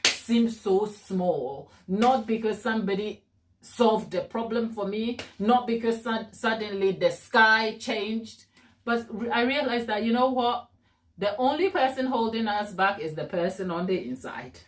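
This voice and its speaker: A woman hosting a baking live stream, chatting warmly and encouragingly with her viewers and laughing often. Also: on the high side, a little slow, slight background noise. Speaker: cake baking channel host.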